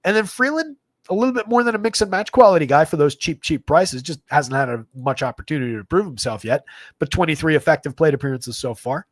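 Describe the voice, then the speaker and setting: A man hosting a live fantasy baseball stream, rattling through player numbers in a quick, stat-heavy patter broken by uhs and you-knows. His voice sits slightly high for a man. The sound is close and dry, with no room around it. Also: expressive, no echo. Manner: rapid stat-heavy delivery with frequent fillers. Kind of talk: live stream sports stats rundown.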